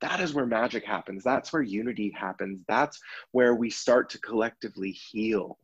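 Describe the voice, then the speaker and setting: A man's voice: fairly low pitch, normal speed, slightly rough, muffled recording. A man working as a self-love coach, talking earnestly and reflectively in a podcast conversation, with many restarts.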